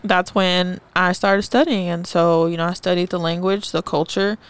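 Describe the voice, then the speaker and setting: A woman's voice: lowish voice, steady tone, normal speed, clear, resonant tone. A young woman co-hosting a podcast in casual chat, outspoken and acting out the voices of people she quotes. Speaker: podcast co-host.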